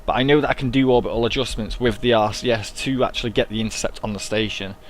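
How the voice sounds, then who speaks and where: A man's voice: mid-range voice, fairly even intonation, fast. Chatty man narrating gameplay. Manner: chatty, self-mocking, talks himself through tasks. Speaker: gaming YouTuber. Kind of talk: casual let's-play commentary.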